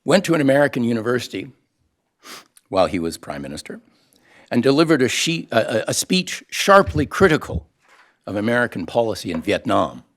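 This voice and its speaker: An older man from Canada speaks at an even, mid pitch to a room of guests. His speech is formal, with dry humor, and often stops on "uh" between phrases. He tells anecdotes and sometimes acts out the lines he quotes. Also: a little fast. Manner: dry wit, many uh fillers, quoted lines acted out. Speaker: think tank head giving a launch speech. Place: event room with an audience.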